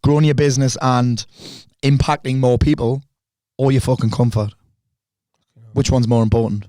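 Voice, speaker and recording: A man, a podcast guest talking bluntly and fast, with lots of swearing. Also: mid-range voice, fairly even intonation, dark tone, no room sound. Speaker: podcast guest, speaker and coach. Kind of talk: candid conversation.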